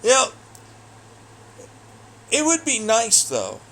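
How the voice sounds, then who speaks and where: A man ranting alone in an audio blog, profane, taunting and hostile, swinging between loud jeers and low muttering. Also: lively intonation, moderate pace, a little hiss or hum. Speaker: audio blogger. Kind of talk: angry solo rant.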